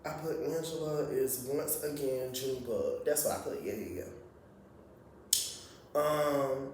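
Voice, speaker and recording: Profane, animated man in an echoey room. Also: medium pitch, a little slow, far from the mic, slight background noise. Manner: profane, animated, laughs often. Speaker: reality TV reviewer. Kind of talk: casual recap commentary.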